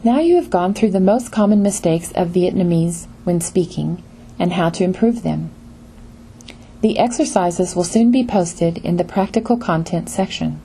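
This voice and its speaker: A woman giving a scripted pronunciation lesson in an even lecture manner. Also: on the low side, slight background noise. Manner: slow, even lecture delivery. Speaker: pronunciation teacher. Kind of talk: scripted narration.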